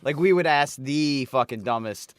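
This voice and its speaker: A man's voice: mid-range voice, moderate pace, dry recording. A man co-hosting a casual podcast chat, blunt and profane. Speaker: podcast co-host.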